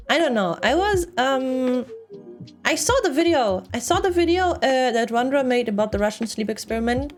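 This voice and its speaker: A woman's voice: sits high, sing-song, moderate pace, soft background music. Chatty non-native woman streamer. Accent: non-native English speaker. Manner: chatty, rambling, laughs often. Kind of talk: casual chat while model building.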